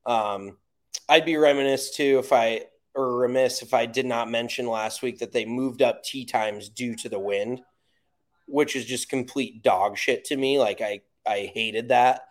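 A man's voice: medium pitch, measured pace. An American man co-hosting a golf podcast, talking in casual chat with blunt, profane rants. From United States.

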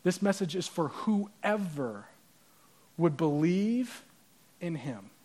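A pastor with a fairly high voice gives a conversational sermon. He talks to the congregation with props and quick asides. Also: very animated, warm tone.

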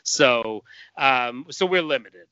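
Man, casual chat, rambling with fillers, smooth resonant voice, muffled lo-fi audio. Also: medium pitch, animated, takes it slowly, sharp tone, no room sound. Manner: rambling storyteller with many fillers and restarts.

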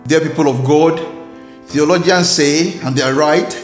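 A man hosting a devotional, telling a story and preaching in a measured, earnest way. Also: a little high, roomy sound, soft background music. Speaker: host and preacher. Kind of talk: devotional sermon.

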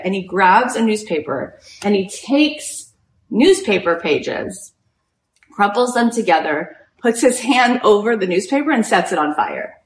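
A woman who hosts a podcast and leads retreats gives an inspirational talk, telling a story with animation and saying "like" a great deal. Her voice is medium-pitched and measured, recorded in an echoey room with slight background noise.

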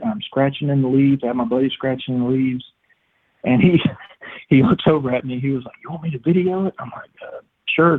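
Young man, husky, tinny phone-line sound, excited guest storyteller. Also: medium pitch. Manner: excited, animated retelling with acted-out quotes. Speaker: guest telling a hunting story. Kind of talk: casual storytelling.

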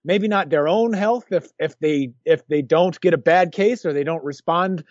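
A man co-hosting a casual sports chat, rambling and restarting his sentences with lively energy, on a dull lo-fi recording. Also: a little high, normal speed, no echo. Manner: rambling, lots of restarts, animated. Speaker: podcast co-host. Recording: dull lo-fi dry sound.

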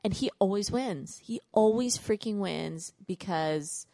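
A woman in her thirties chatting casually as a podcast co-host, telling parenting stories with lively retellings of her kids' voices. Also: mid-range voice, a little slow, vocal fry, no echo, clean studio sound. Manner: animated storytelling, acts out kids' voices. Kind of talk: casual chat.

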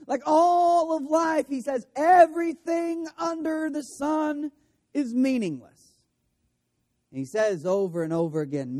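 A man's voice: high-pitched, animated, unhurried, dark tone. A man preaching a conversational sermon, often correcting himself mid-phrase and dropping in joking asides. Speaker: pastor.

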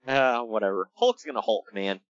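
A man co-hosting a casual podcast, his pitch swinging widely as he rants, sounding exasperated and breaking into laughs. The recording is dry and a little dull, as from a close home mic. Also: creaky, no room sound. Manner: animated, exasperated, laughs often. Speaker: podcast co-host. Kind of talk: casual wrestling podcast chat.

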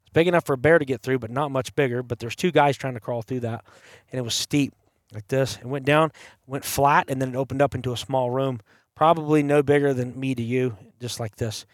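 A man's voice: medium pitch, fairly even intonation, brisk, no room sound, clean studio sound. A man telling a long hunting story in casual chat as a podcast host, acting out the voices of people he quotes. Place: campside.

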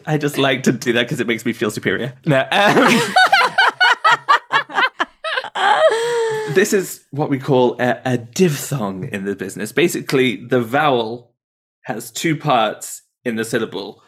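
A man's voice: medium pitch, animated, normal speed. A man working as an accent coach, patiently explaining sounds step by step in casual talk. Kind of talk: casual teaching chat.

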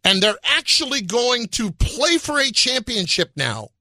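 A man co-hosting a sports talk show, building his case in an animated way. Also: very high-pitched, unhurried, no room sound, studio quality. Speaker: sports radio co-host.

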